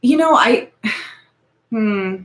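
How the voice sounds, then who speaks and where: A woman's voice: on the high side, animated, very slow, a bit bright. A woman in her forties hosting a casual beauty livestream, talking in a nervous, rambling, hedging way. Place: home, ring light.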